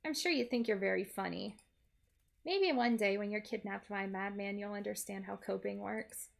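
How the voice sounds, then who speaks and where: A woman's voice: medium pitch, moderate pace, gravelly, natural voice. A woman voicing a pompous, grandiose small male villain while reading a game aloud. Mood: menacing. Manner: pompous, theatrical.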